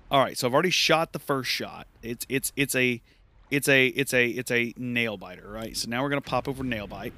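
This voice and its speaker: A man's voice: medium pitch, brisk, bright, forceful tone, dry recording. A man giving casual gameplay commentary for a podcast, rambling, repeating himself and amused at his own play. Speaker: gaming podcaster.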